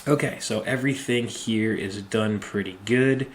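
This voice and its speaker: A man giving a screen-recorded machining software tutorial, talking slowly and methodically and thinking aloud with frequent ums. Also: on the low side, a little hiss or hum. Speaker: machining instructor.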